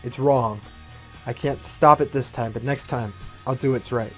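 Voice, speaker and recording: A man voicing a remorseful male soldier leader who speaks low and earnestly. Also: moderate pace, soft background music, close to an everyday voice.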